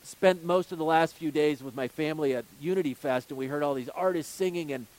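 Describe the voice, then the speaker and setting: A man's voice: on the high side, a little fast, darkish tone. A male pastor preaching a sermon, earnest, building his points with repeated phrases and rhetorical questions.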